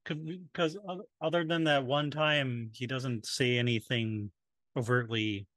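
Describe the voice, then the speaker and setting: A man's voice: mid-range voice, fairly even intonation, a little slow, fairly bright tone, no room sound. Man, podcast co-host, casual chat, agreeable, dry close mic.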